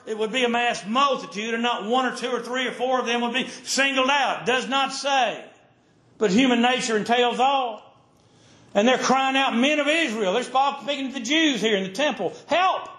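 A man's voice: sits high, fairly bright tone, roomy sound. A man preaching a sermon to his congregation, with an emphatic, repetitive preaching cadence.

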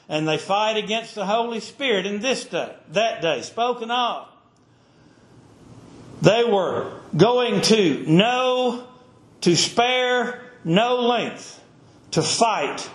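A man with a high voice preaches a sermon, driving his points home in repeated, emphatic phrases. His voice rings out in an echoey room. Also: fairly bright tone. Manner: emphatic, repetitive preaching cadence.

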